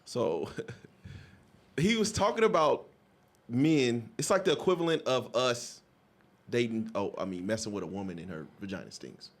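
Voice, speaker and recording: A man's voice: mid-range voice, animated, unhurried, long pauses. A man hosting a podcast, talking in a blunt, casual way with lots of swearing. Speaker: podcast host. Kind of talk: casual chat.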